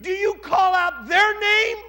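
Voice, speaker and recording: A stern older counselor scolding his king, as a preacher acts him out, shouting each phrase slowly and forcefully. The voice sits high and bright, and a long hall reverb carries it. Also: animated, faint music behind, exaggerated voice.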